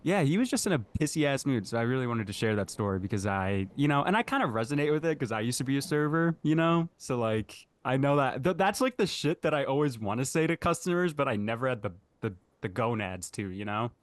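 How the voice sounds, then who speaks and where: A man's voice: mid-range voice, animated, fast talker, few pauses. A young man in his twenties co-hosting a podcast, telling a story in a laid-back, slangy, profane way while hungover. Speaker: podcast co-host. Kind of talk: casual chat.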